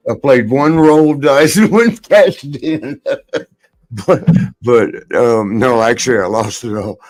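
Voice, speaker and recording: A man's voice: medium pitch, slow, darkish tone. A man in his sixties hosting a podcast, telling rambling anecdotes in casual chat, laughing often and slipping into quoted voices. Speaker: podcast host.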